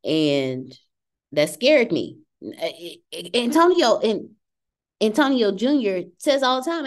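A woman in her thirties hosting a podcast discussion, lively and acting out what others said. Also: fairly high pitch, unhurried. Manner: animated, acts out quoted voices. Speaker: podcast host. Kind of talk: casual group discussion.

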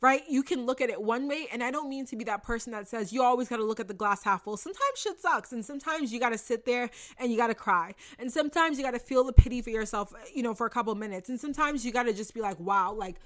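A young woman giving an earnest, animated motivational talk, casual and repeating phrases for emphasis, swearing now and then. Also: a little high, fast, hardly any pauses. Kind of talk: motivational monologue.

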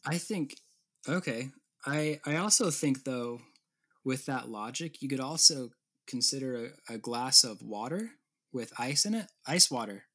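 A man's voice: medium pitch, lively intonation, unhurried, fairly bright tone, husky. A young man co-hosting a casual podcast. He steers the conversation from topic to topic and drops dry, wisecracking remarks along the way. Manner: dry, wisecracking, leads the segments. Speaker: podcast co-host.

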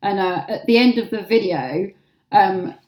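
A woman's voice: mid-range voice, measured pace, darkish tone, echoey room. An English woman telling stories as an interview guest, chatty and full of filler words. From England. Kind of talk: casual storytelling.

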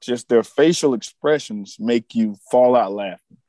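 A man co-hosting a casual podcast chat, an animated storyteller who laughs often and acts out movie lines. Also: mid-range voice, unhurried, no room sound. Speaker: podcast co-host.

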